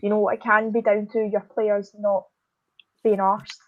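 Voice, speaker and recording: A woman's voice: medium pitch, level tone, measured pace, narrow, tinny audio. A woman co-hosting a live football stream, chatting frankly and wryly. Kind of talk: casual football chat.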